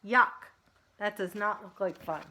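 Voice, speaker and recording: A woman preschool teacher reading picture books aloud to children, animated and sing-song, stopping to talk to the kids between pages. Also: mid-range voice, measured pace, a little hiss or hum.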